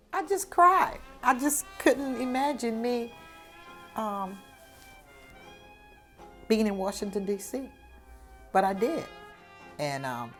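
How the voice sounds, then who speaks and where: A woman, telling her own story in an animated, informal way and acting out the dialogue. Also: fairly low pitch. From New Orleans, USA. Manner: animated, acts out the dialogue, informal Southern speech. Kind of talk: personal storytelling.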